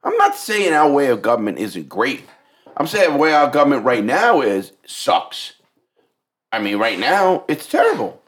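A podcast co-host talking politics in casual chat, blunt and swearing a lot. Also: male voice, medium pitch, unhurried. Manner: blunt, heavy swearing, animated.

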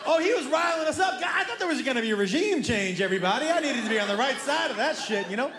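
A man doing a stand-up comedy routine, telling a story with animated energy and acting out the voices of the people in it. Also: very high-pitched, racing, crowd noise. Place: comedy club stage before a laughing audience. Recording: roomy live club sound with noise.

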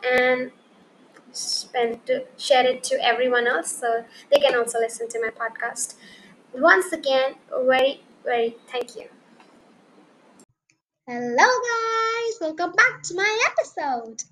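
A young girl with a high, bright voice reads a children's poem for her podcast. She recites eagerly in a sing-song storyteller's lilt. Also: slight background noise, poor audio. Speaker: podcast host and reader. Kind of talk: reading a children's poem aloud.

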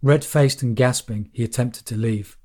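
A man's voice: mid-range voice, steady tone, moderate pace, darkish tone. A man narrating an audiobook in a dry, wry way.

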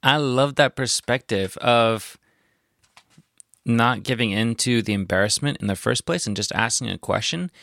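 A man's voice: medium pitch, moderate pace, creaky, a bit bright, no echo. A man hosting a podcast interview, affirming and encouraging as he reflects back on what his guest said. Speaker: podcast host. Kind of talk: interview conversation.

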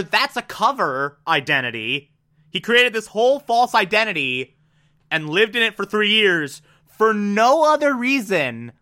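A man's voice: high voice, sharp tone. A man giving an enthusiastic, casual recap and review of a TV episode, with sudden asides and the odd swear.

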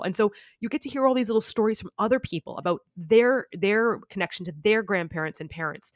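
A woman guest in casual conversation, telling stories with lively acted-out quotes. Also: mid-range voice, fast, hardly any pauses, dry recording, studio quality. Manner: animated storyteller, acts out quotes. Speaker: podcast guest. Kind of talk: casual chat.

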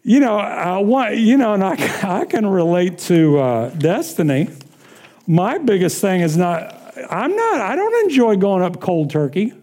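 Slow, mellow-voiced preacher man. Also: sits high, sing-song. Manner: slow, drawn-out preaching with call-and-response questions; chuckles through casual anecdotes. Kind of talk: sermon with personal stories.

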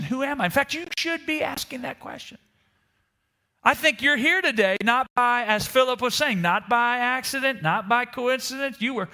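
A man with a very high, sharp voice preaches a sermon to a congregation at a church service in Italy. He shares a personal story and repeatedly poses rhetorical questions to the room.

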